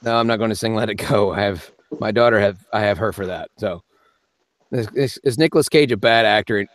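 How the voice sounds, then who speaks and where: A male voice actor hosting a casual live-stream Q&A. He is chatty and joking, answers chat questions quickly and laughs often from his home studio. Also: on the low side, no room sound.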